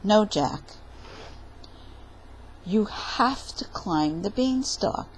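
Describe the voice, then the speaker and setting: A woman reading a story aloud at storytime in a playful, expressive way. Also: medium pitch, slow pace, slightly rough, low-quality recording. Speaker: library storyteller.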